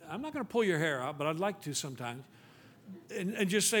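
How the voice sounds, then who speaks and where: A male pastor preaching a sermon, pleading with rhetorical questions, then dropping to a quiet, low tone for scripture readings. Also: expressive, fast.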